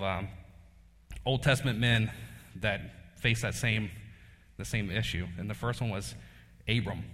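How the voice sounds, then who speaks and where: Folksy preacher in a reverberant hall. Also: male voice, fairly low pitch, fairly bright tone. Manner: folksy, storytelling, laughs often. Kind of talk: casual sermon with personal story.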